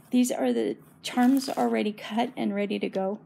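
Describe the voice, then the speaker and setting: A woman's voice: a little high, fairly even intonation, moderate pace, gravelly, dark tone, a little hiss or hum. A woman in her fifties chatting casually as a quilting vlogger, gushing and emotional, close to tears as she shows her quilts. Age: 50s. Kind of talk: casual show-and-tell chat.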